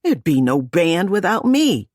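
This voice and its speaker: A woman's voice: fairly low pitch, big pitch swings, unhurried, darkish tone, dry recording, clean studio sound, voice pushed up. A woman voicing a stubborn, boastful young boy who sings in a band. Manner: boastful and defensive. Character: confident boy singer, cocky, stubborn.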